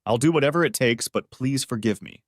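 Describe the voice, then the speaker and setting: A man's voice: mid-range voice, animated, fairly quick, no room sound, clean studio sound. A man reading as a pleading unfaithful wife. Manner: pleading, tearful. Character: desperate cheating young wife, pleading.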